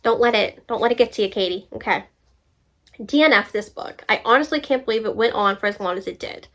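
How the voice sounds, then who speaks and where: A young woman with a fairly high voice hosts a casual book vlog. She reads reviews aloud and answers them in an animated, exasperated way. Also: a little fast. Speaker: book vlogger.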